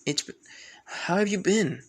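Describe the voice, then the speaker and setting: The fan narrator voicing an excitable teenage girl ninja who stutters when flustered. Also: mid-range voice, pitched above the performer's own voice.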